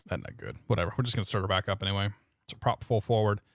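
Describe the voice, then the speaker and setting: A man's voice: fairly low pitch, rapid-fire, no echo, studio quality. A man chatting casually on a live stream, laughing often and talking through his cockpit steps. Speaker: flight sim streamer.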